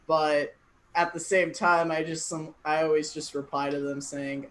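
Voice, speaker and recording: A woman's voice: sits low, level tone, unhurried, a little hiss or hum, poor audio. A young woman hosting an online comedy show, cracking puns and laughing at her own jokes over a computer mic. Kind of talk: casual stand-up hosting. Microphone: computer mic on a video call.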